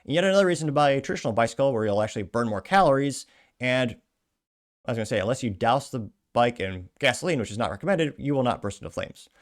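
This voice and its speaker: A man's voice: medium pitch, expressive, quick pace. A man hosting a commentary show, reading out social media posts and adding wry, sarcastic asides. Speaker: show host.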